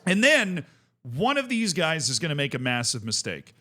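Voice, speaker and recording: A young man hosting a casual reaction video, commenting in an amused, excitable way and often laughing. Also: on the high side, moderate pace.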